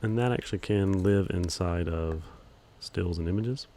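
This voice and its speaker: A man teaching video editing in a screen-recorded tutorial, speaking in a relaxed monotone with frequent ums while he clicks through steps. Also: low-pitched, moderate pace. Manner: calls his own voice monotone, relaxed, many ums.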